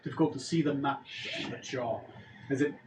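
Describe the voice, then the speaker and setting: A man narrating as game master in a casual, halting way, with frequent fillers. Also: mid-range voice. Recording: echoey room with faint ambient noise.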